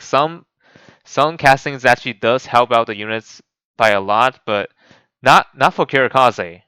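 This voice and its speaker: Male gaming host, casual rambling commentary, bright crisp voice, dry close mic. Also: mid-range voice, no echo, low-quality recording. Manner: rambling, many restarts and fillers. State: voice cracking.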